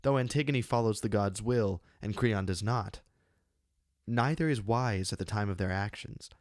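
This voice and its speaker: A man reading his own essay on a classic play, measured and deliberate, with slow emphatic pauses, close to a studio microphone. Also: lowish voice, darkish tone, no room sound. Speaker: channel host giving a literary analysis.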